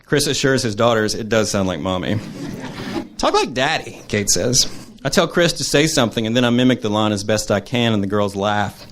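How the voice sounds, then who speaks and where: A man reading his personal essay aloud to a live audience, earnest and measured. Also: lowish voice, fairly bright tone. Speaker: storyteller.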